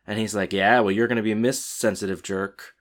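A co-host in casual chat, recapping scenes in a relaxed, rambling way with many fillers. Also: low-pitched, brisk. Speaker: podcast co-host recapping a TV episode.

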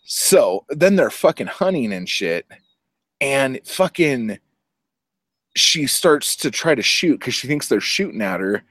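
A man's voice: mid-range voice, slow, no room sound. A man casually recapping a film, swearing a lot and acting out the characters' lines as he goes. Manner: profane, animated storytelling with acted-out quotes. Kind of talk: casual movie recap chat.

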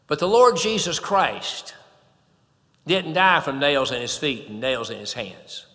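High, bright-voiced man preaching. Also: unhurried, in a large hall. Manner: emphatic preaching, swelling and dropping in volume. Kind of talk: sermon.

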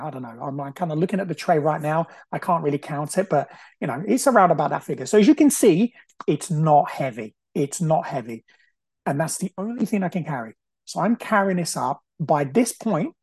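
Podcast host, thirties, husky voice, earnest storyteller who repeats himself. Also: male voice, fairly high pitch, a little mellow, no room sound. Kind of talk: personal storytelling monologue.

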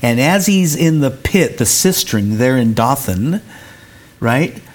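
A man's voice: mid-range voice, lively intonation, slow pace. A middle-aged man, a recovery center director and pastor, speaking as an interview guest in an earnest, preacherly way and often repeating words as he searches.

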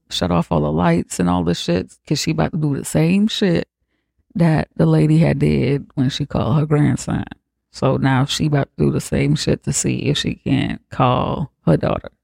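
A man's voice: a little high, vocal fry, darkish tone, dry recording, studio quality. A man hosting a comedy podcast, retelling a horror film in a slangy, profane, laughing way. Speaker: podcast host. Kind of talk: comedic movie recap.

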